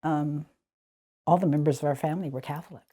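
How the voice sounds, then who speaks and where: A woman in her seventies from the Squamish Nation, telling childhood stories in a relaxed interview, often laughing. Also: deep voice, fast. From Squamish Nation, Canada. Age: 70s. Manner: animated, laughing, restarts sentences. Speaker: community elder guest. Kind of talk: conversational storytelling.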